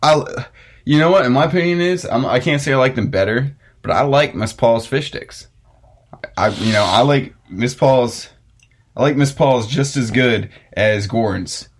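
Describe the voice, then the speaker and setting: Young dude hosting a podcast, swears a lot, rants then laughs. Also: male voice, medium pitch, a little slow. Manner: profane, ranting, laughing. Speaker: podcast host. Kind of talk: casual chat.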